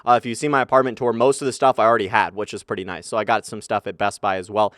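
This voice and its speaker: Energetic 19-year-old man, dry close sound. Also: on the low side, racing, dry recording. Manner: energetic, swears a lot, keeps saying "man". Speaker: gaming commentary YouTuber. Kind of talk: casual commentary over gameplay. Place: small bedroom in his apartment, under a comforter. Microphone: desk mic, comforter draped over it to cut echo.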